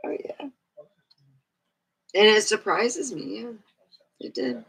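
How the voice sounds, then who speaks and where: A woman's voice: fairly high pitch, takes it slowly, creaky, a bit bright, breathy edge, poor audio. A woman vlogger rambling in casual live-stream chat, with many fillers and asides.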